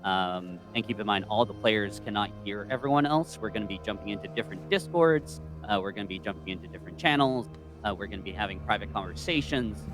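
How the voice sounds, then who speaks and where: A man's voice: on the low side, fast, music in the background. A man hosting a stream, explaining the setup with lots of hesitant ums. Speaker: host.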